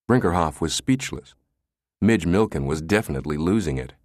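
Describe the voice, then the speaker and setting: Low-voiced man narrating a thriller. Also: expressive, normal speed, darkish tone, no echo, clean studio sound. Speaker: audiobook narrator.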